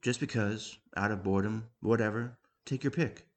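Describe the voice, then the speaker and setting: A dry, deadpan young woman patient, read by a man, keeping her voice low and quiet. She answers every question with flat sarcasm. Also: moderate pace, close to an everyday voice.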